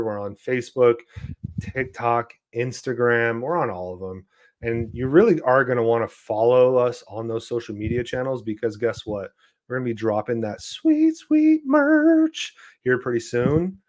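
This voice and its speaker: A man hosting a relaxed podcast in a loose, chatty way, with lots of filler words. His voice sits at an ordinary middle pitch for a man. He speaks in easygoing everyday tones. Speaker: podcast host. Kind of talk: casual podcast chat.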